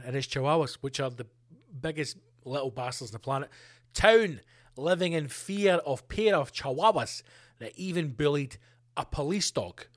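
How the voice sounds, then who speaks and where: A man hosting a podcast, ranting comedically with plenty of swearing and animated asides. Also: on the high side. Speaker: podcast host. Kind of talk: comedic rant.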